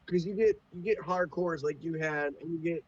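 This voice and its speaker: A man's voice: on the high side, normal speed, slightly rough, muffled recording. A man who runs tabletop games, talking in a laid-back, profane way as a podcast guest. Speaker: podcast guest, game master. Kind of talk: casual chat.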